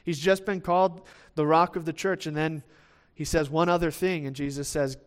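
A man with a slightly higher-than-usual voice preaches a sermon in a relaxed, conversational way. He restarts phrases as he goes and keeps checking in with the listeners. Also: moderate pace. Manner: conversational, with frequent restarts and "right?" asides; acts out the quoted lines of the disciples in lively voices.

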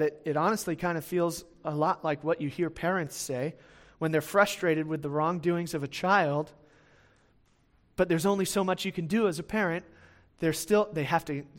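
A man with a high voice preaches in a relaxed, conversational way. He keeps asking his listeners for a nod and often doubles words as he thinks aloud. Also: normal speed. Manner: conversational, asks listeners for assent, repeats words. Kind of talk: sermon.

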